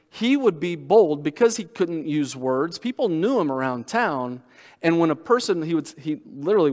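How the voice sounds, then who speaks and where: A man preaching a sermon as pastor, reading scripture aloud and slowing down to stress key words. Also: on the high side, in a large hall. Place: church sanctuary.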